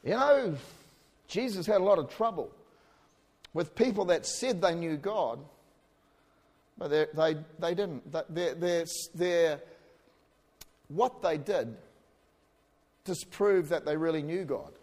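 A man from New Zealand with a New Zealand accent, preaching a sermon in a conversational way with joking asides and shouted emphasis. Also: on the high side, expressive, slow pace, long pauses. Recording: hall reverb.

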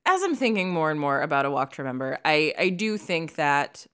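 Low-voiced opinionated young woman. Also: big pitch swings, fairly quick, fairly bright tone, smooth. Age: young adult. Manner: opinionated, emphatic, chatty. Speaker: podcast co-host. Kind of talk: casual chat.

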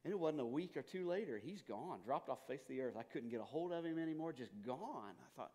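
A man preaching a sermon, telling stories and moving between quiet, hushed passages and loud, urgent ones. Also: fairly high pitch, animated, fast talker, few pauses. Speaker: pastor. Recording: long hall reverb.

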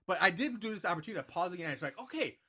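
A man chatting casually through a movie's plot, rambling with plenty of fillers and curses. His voice sits a bit high. It has a bright, forceful edge. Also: expressive, rapid-fire, husky. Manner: rambling, profane, filler-heavy. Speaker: podcast co-host recapping a movie. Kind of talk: casual chat.

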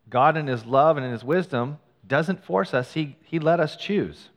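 A man's voice: on the high side, moderate pace, few pauses. Man preaching in a reverberant church. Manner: conversational preaching, reads scripture aloud, self-deprecating asides. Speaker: pastor. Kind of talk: sermon.

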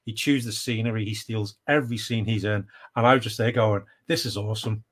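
A man's voice: fairly low pitch, steady tone, brisk, fairly bright tone. Rambling middle-aged man chatting films. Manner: rambling, hesitant with fillers and restarts. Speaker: podcast co-host. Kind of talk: casual chat.

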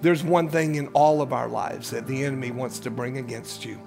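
A man in his sixties, a pastor, preaching a sermon and telling a personal story with big swings between loud urgency and hushed lows. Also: steady tone, moderate pace, gravelly, over music.

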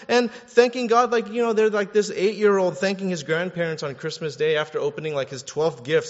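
A man preaching a sermon in a lively, conversational way, acting out quotes and repeating words as he goes. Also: high-pitched, brisk, hardly any pauses. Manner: animated, conversational, acts out quotes, restarts words. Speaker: pastor. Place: church hall. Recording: echoey hall, dull sound.

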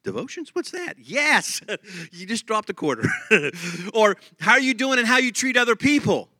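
High bright-voiced man preaching. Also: animated, dry recording. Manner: conversational preaching with jokes and laughs; asks the congregation many quick questions. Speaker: pastor. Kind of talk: sermon.

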